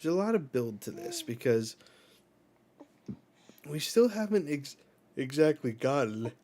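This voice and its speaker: Male reaction host, unhurried, casual and rambling manga commentary. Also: fairly high pitch, very animated, dark tone. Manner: casual, rambling, with filler words. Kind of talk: live manga read-aloud and reaction.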